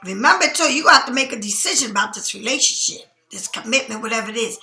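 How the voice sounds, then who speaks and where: Woman tarot reader, casual reading, high bright voice, blunt and profane, a bit sleepy, echoey room. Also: expressive, fast. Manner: blunt, emphatic, swears freely. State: sleepy, yawning.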